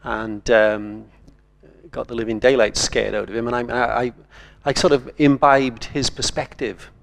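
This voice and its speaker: A man's voice: medium pitch, steady tone, unhurried, creaky. An older man from Wales, a writer speaking on a conference panel in a thoughtful, digressive way.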